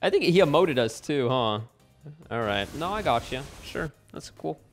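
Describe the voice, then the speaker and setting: Excitable male gamer, lively pitch. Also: normal speed, faint music behind. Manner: excitable, bursts into yells and laughs. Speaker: gaming streamer. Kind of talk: live gameplay commentary. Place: home room with window open.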